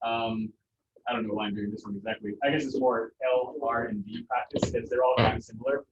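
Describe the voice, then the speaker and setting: A man's voice: medium pitch, fairly even intonation, fast talker, a little hiss or hum. A man teaching a Spanish pronunciation lesson to a class, explaining casually with many fillers. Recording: echoey, distant, dull classroom recording.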